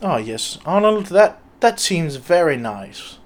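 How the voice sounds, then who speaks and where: A man doing a low, mumbling polite cohost. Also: big pitch swings, slow pace. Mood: politely bored. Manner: polite, mumbling, repeats himself. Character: deferential, bland male podcast cohost. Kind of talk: improvised comedy character.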